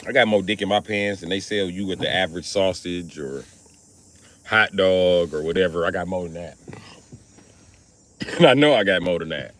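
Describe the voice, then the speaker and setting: A man hosting a livestream, riffing through a crude comedic monologue and jumping into high put-on voices for quotes. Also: normal speed, pauses often, fairly bright tone, a little hiss or hum. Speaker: livestream host.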